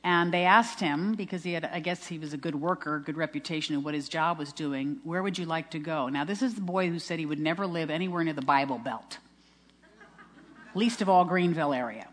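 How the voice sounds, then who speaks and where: A woman's voice: deep voice, a little fast. Earnest older woman in echoing hall. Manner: earnest storytelling with many restarts. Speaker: speaker giving a personal testimony. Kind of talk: heartfelt personal testimony. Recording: long reverb of a large hall.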